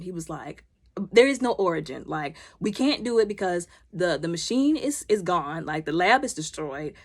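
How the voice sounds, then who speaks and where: A young woman recapping a TV episode in a casual vlog, retelling scenes with lots of "he was like" and quick voice shifts for each character. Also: medium pitch, lively intonation. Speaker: show recapper.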